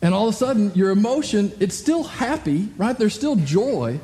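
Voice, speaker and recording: A man's voice: high-pitched, sing-song, normal speed, mellow, big-room sound. A male pastor giving a conversational sermon to a congregation, asking frequent rhetorical questions. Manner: conversational, full of rhetorical "right?" asides. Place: church hall with a congregation.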